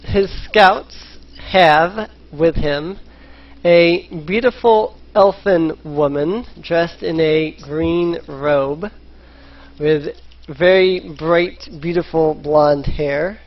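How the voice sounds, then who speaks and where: A man narrating a tabletop role-playing game as dungeon master, in an unhurried storytelling manner. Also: a little high, steady tone. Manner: unhurried storytelling, voicing characters in quotes. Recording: dull lo-fi voice chat.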